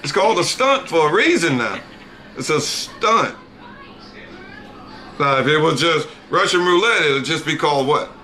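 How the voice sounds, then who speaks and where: A man's voice: on the high side, lively intonation, normal speed, long pauses, sharp tone. A middle-aged American man co-hosting a casual reaction chat, telling folksy stories and calling people "brother". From United States. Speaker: co-host, the dad.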